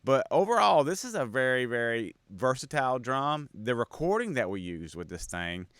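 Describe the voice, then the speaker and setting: A man's voice: mid-range voice, big pitch swings, normal speed, a bit bright, no room sound. A man hosting, casually talking through a drum's tuning and sound with enthusiasm. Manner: enthusiastic, explains gear step by step. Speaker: host and drum maker. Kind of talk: casual demonstration talk.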